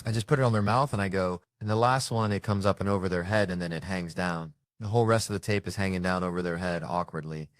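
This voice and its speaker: A man's voice: sits low, steady tone, fast, hardly any pauses, no room sound, clean studio sound. A man telling profane, rambling comic stories and voicing the people in them. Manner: profane, rambling anecdotes with voiced quotes. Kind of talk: stand-up storytelling.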